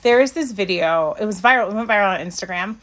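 A woman co-hosting a podcast in loose, casual conversation, her voice sitting at an ordinary middle pitch. She talks in an animated, rambling way, full of fillers and restarts, and jumps up high when she gets excited. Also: fast. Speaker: podcast co-host. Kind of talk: casual chat reviewing an episode.

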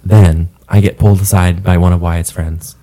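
A young man co-hosting a podcast, telling a story in animated, swearing casual chat and acting out what people said. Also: low-pitched, normal speed. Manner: animated storyteller, swears a lot, acts out quotes. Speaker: podcast co-host.

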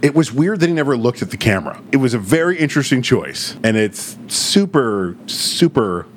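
A man co-hosting a podcast in casual chat, animated and laughing often as he acts out quotes. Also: mid-range voice, moderate pace, slight background noise. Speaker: podcast co-host.

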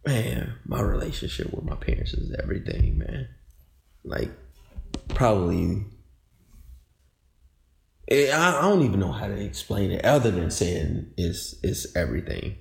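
A man speaks as a podcast guest, halting and restarting as he looks for his words. His gravelly voice swings lively in pitch. He is recorded in an echoey room. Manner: halting, restarts often, laid-back slang. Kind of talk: casual chat.

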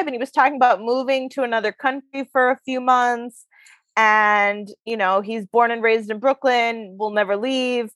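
A woman co-hosting a podcast tells a long story in a chatty way, swearing and laughing in casual conversation. Her voice is a little high and a bit bright, at a moderate pace, with no echo.

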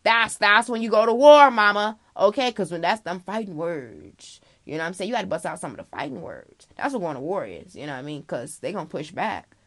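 A woman's voice: deep voice, very animated, fast, husky. A woman giving frank, casual advice straight to the listener, calling them girl, swearing freely and filling her talk with okay and you know. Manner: chatty, full of fillers like okay and you know. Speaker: vlogger giving life advice.

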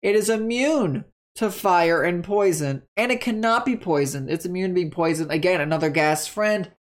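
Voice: medium pitch, normal speed. A tabletop game creator casually explaining monster stats in a chatty, rambling way, often stopping to correct themselves.

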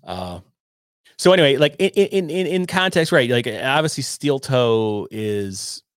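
A man's voice: medium pitch, expressive, measured pace, clear, resonant tone, no room sound, studio quality. A man hosting a casual livestream, rambling loosely, swearing and reading viewer donations aloud. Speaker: podcast host reading chat.

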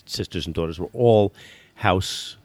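A man's voice: low voice, a little slow, darkish tone, dry recording. A man in his sixties from the United States, telling stories as a podcast guest, often repeating words and restarting. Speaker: guest, football business consultant. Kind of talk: storytelling in a podcast interview.

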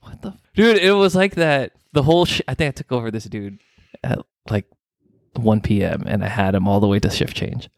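A man who works as a nurse, telling a work story casually, animated and swearing often. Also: on the low side, a little fast, creaky, no room sound, studio quality. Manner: animated, swearing, acts out dialogue.

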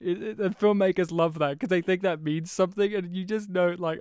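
A man with a high, smooth voice chats about a movie, swearing freely and slipping into mock quotes. The sound is close and dry. He talks like an animated co-host. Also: a little fast, hardly any pauses, no room sound. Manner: animated, sweary, mimics lines. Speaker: podcast co-host. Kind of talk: casual film review chat.

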